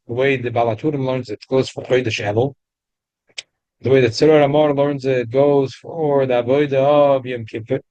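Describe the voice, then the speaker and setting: A man teaching a weekly Torah class, mixing casual English explanation with rapid readings of Hebrew text. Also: mid-range voice, darkish tone, no echo, poor audio.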